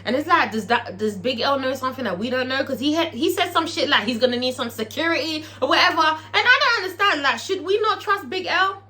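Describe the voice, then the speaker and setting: A woman's voice: high-pitched, expressive, a little fast, few pauses, pushed and bright. A British woman recapping a TV episode in a casual, profane, chatty way, as a show reviewer.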